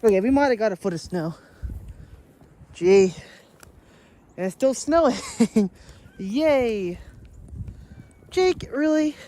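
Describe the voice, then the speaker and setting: A woman's voice: fairly high pitch, expressive, takes it slowly, pauses often, dark tone. A woman, vlogging outdoors during a snowstorm, chatty and laughing often as she talks to her pets. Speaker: daily vlogger. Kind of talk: casual vlog chat while walking outdoors.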